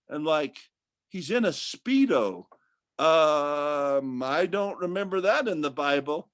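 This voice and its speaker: A man talking casually and at length about faith and art, rambling and animated, often restarting his sentences. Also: fairly high pitch, a little slow, no echo.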